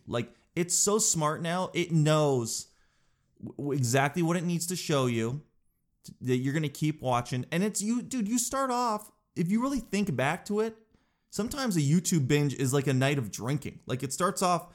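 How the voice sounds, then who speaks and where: A man in his thirties telling stories in a casual podcast monologue, rambling and animated and often saying "dude". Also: fairly high pitch.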